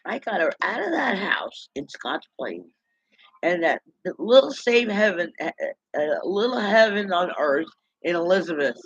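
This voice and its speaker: A man's voice: sits high, big pitch swings, normal speed, vocal fry, a bit bright, breathy edge, no echo. A man in a rambling, indignant gossip monologue, talking to himself. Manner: chatty, indignant, talks to himself. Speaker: vlogger. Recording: dull lo-fi dry recording.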